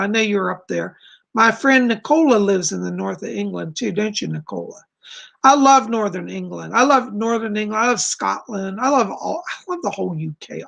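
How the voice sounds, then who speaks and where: American man, live-stream psychic host, high husky voice, effusive and chatty. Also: fairly bright tone. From United States. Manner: effusive, gushing. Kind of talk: casual live stream chat.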